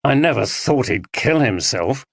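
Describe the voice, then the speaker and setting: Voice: medium pitch, big pitch swings, a little slow, vocal fry, husky, no echo, clean studio sound, exaggerated voice. Jack, a narrator voicing a blunt young man. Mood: defensive.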